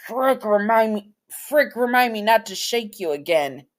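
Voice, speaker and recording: A woman's voice: mid-range voice, expressive, a little slow, voice pushed up, close to an everyday voice. A woman voicing a protective adult male doctor in a fan fiction read-aloud, speaking with concern. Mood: exasperated. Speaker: storyteller voicing a character.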